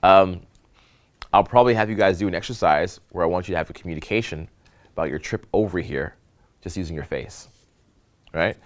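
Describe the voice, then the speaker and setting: A man with a fairly low voice leads a live seminar on social skills. He teaches in an animated, demonstrative way, acting out examples and checking in with the room with quick "okay?" and "right?" prompts. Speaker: dating and social skills coach.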